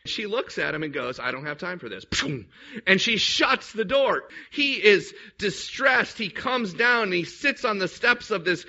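A man's voice: high voice, animated, unhurried, few pauses, sharp tone. A man preaching a sermon as a pastor, emphatic and storytelling, with rhetorical questions to the congregation. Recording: dull lo-fi recording.

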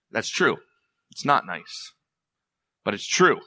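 A man's voice: medium pitch, very animated, slow pace, long pauses, bright, forceful tone, no echo. A man preaching a sermon as pastor, earnest and emphatic, pressing his point with rising intensity.

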